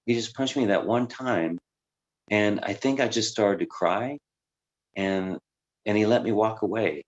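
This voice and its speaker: Deep-voiced man telling his story. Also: dull audio. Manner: reflective and conversational, with many fillers. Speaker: life coach. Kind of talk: candid personal storytelling.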